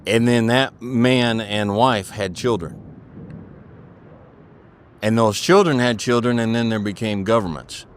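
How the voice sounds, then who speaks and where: A middle-aged man with a lowish voice talks at a measured pace, pausing often, over a slight hiss or hum. As an interview guest he sounds earnest and preachy, repeating his points and asking "okay?"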